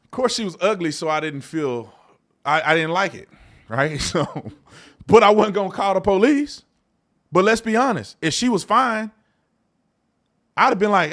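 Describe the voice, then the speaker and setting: Animated, colloquial man hosting a live show. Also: normal speed. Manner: animated, swings from loud outbursts to low mutters; colloquial, repeats himself. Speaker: host. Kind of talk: casual live-stream commentary.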